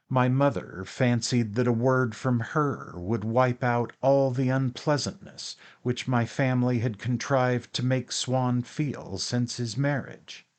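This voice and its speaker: A man reading a classic novel as an audiobook narrator, in a measured, even way through long sentences. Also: medium pitch.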